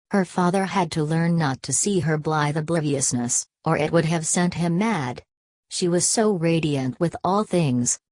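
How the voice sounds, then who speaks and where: Low-voiced woman reading a classic novel. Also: no room sound. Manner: measured, steady literary reading. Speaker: audiobook narrator. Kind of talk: scripted narration of a classic novel.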